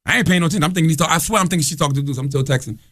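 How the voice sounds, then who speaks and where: A man co-hosting a podcast, telling stories in a loud, profane, animated way and acting out the people in them. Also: a little high, very fast, slight background noise. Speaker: podcast co-host. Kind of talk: animated storytelling, casual chat.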